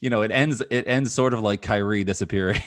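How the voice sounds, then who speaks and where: A man's voice: on the low side, brisk, no echo, studio quality. A man co-hosting a podcast in casual sports chat, rambling with frequent laughs and restarts. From New York area. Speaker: podcast co-host.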